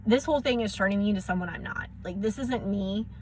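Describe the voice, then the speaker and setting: A young woman ranting in a personal vlog, frustrated and close to tears. She tells her story in quick bursts, acting out each exchange. Her voice sits at an ordinary middle pitch, with a faint hiss of noise behind it. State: near tears. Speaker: vlogger. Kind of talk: emotional personal vlog rant.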